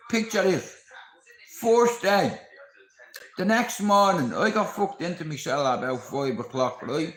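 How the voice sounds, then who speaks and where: A man's voice: on the high side, echoey room, poor audio. A man with a Dublin accent, a live streamer telling his viewers a story in a blunt, casual way, swearing freely. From Ireland. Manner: blunt, heavy swearing, lively retelling.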